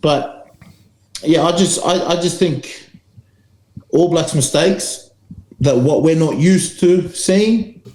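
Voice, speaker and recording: Brief: New Zealand man, rambling rugby pundit, animated, echoey room. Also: on the high side, slow, long pauses. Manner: rambling, animated, laughs often. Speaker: rugby podcast co-host. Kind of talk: casual chat.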